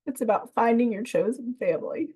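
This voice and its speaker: A woman with a fairly high, lively voice hosts a poetry gathering, talking a little fast with a breathy edge. She gives a warm, earnest introduction with soft hesitations, then reads one of her own poems in a heartfelt way.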